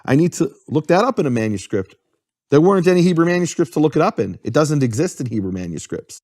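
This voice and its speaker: A man's voice: a little high, sing-song, quick pace, darkish tone, no room sound, studio quality. A man giving an earnest, step-by-step explanation in a conversation, spelling out terms as he goes. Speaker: guest explaining Hebrew.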